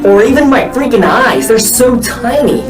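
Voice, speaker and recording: Animated joking young man in an echoey room. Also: very high voice, moderate pace. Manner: joking, playful, self-teasing. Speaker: vlogger. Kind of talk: casual vlog talking to viewers. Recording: echoey room, mic at a distance, music behind.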